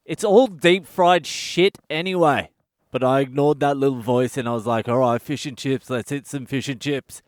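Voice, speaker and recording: A man's voice: medium pitch, clean tone, no room sound, clean studio sound. Blunt, sweary Australian man ranting. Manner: blunt, sweary, exasperated storytelling. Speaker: comedian podcast host. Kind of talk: profane comedic rant. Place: budget hotel room.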